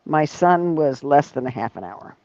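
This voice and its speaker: A woman hosting a casual chat, telling stories in an animated way and laughing often. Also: low voice, normal speed, no room sound, muffled recording. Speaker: leatherwork channel host.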